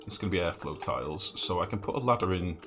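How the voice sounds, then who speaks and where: A gaming streamer talks fast in a low voice with lively intonation, game music playing underneath. Swearing freely, he offers casual live commentary on his play, thinking out loud and chatting with viewers.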